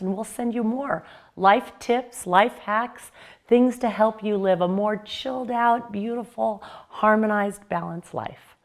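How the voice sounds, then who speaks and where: A woman hosting a self-help video, giving an upbeat motivational talk to camera built on personal anecdotes. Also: medium pitch.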